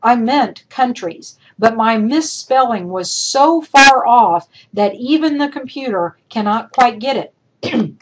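A woman instructor gives recorded feedback to her class over a computer mic, in a voice pitched a little high. She speaks directly and chattily, repeating each point to drive it home. Her voice is starting to go hoarse. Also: poor audio. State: voice going hoarse. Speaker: college instructor. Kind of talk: recorded lecture feedback over screen demo.

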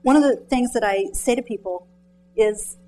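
Chatty, animated woman giving a motivational talk. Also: fairly high pitch, normal speed, faint music behind, rough recording. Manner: chatty, animated storytelling with many "like"s; quizzes the audience directly. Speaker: author speaking to students and mentors. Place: lecture room.

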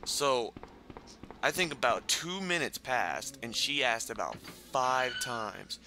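A man's voice: mid-range voice, expressive, takes it slowly, noisy background. A young man casually telling a long story while playing a video game, swearing often and full of fillers. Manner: laid-back, profane, filler-heavy, laughing asides. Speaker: gameplay commentator. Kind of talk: casual storytelling over gameplay. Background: video game music.

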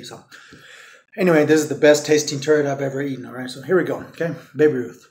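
A man's voice: mid-range voice, fast, roomy sound. A man making a casual solo vlog, rambling with many fillers and repeats while he eats and talks with his mouth full. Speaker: vlogger.

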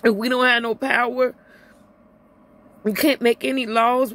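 Emotional and on the edge of tears, a middle-aged Illinois woman vents in a passionate personal vlog rant, her voice sweeping from high to low as she repeats herself.

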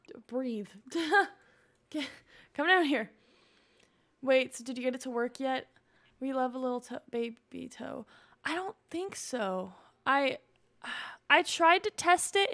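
A woman's voice: high-pitched, vocal fry, a bit bright. A young woman streaming a life-simulation game, chatting casually with viewers and talking to her game characters. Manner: chatty, talks to game characters and chat, frequent laughs. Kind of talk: casual gameplay commentary.

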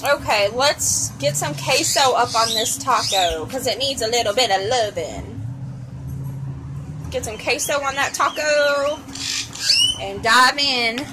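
A high-voiced woman with a Texan accent talks frankly and casually, with some cursing, through a mukbang vlog. She films on her phone at an outdoor cafe table. Wind and traffic noise come through clearly. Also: slow. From Texas. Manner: chatty and frank, with mild cursing. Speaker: mukbang vlogger. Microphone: phone camera. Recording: noisy outdoor phone recording.

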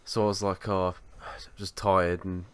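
A man's voice: low-pitched, level tone, moderate pace, smooth. Sweary man telling a story. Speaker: podcast co-host. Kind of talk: casual chat, storytelling.

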